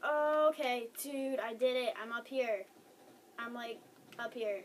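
A woman chatting casually while playing a video game with a friend, excitable and quick to exclaim. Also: a little high, far from the mic, slight background noise. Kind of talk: casual let's-play chat.

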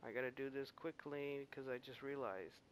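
A man's voice: mid-range voice, moderate pace, a little hiss or hum. A young man rambling casually and self-deprecatingly while playing a video game at home. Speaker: gamer.

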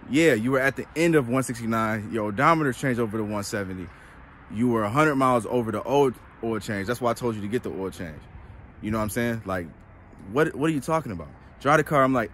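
A man's voice: mid-range voice, brisk, a little hiss or hum. Exasperated man vlogging outdoors by cars. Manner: animated storytelling, frustrated and exasperated, slangy. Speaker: used car dealer vlogger. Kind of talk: casual vlog talk to camera.

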